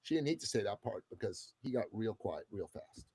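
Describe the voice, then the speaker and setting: A husky man in his fifties from the Middle East, a guest on a talk show. He tells a story casually and expressively and does not mind swearing. The recording is dry and close. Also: on the low side, sing-song, a little fast, mellow, no room sound. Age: 50s. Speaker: guest entrepreneur. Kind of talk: animated storytelling in conversation.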